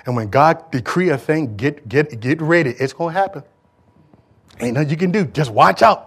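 Brief: middle-aged male pastor, lively sermon delivery, slightly high voice, loud-to-hushed swings. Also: moderate pace, vocal fry, slightly rough. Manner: animated preaching, swinging from loud to hushed, addressing the congregation.

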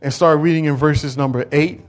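Man preaching in church, higher voice, goes quiet then shouts out questions to the crowd. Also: steady tone, a little fast. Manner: builds from quiet talk to loud shouted call-and-response. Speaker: pastor. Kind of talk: sermon. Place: church service.

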